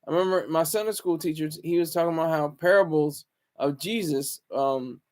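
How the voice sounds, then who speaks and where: High-voiced rambling man. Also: fairly quick, darkish tone. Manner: rambling with frequent restarts and chuckles. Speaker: vlogger. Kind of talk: casual rambling monologue.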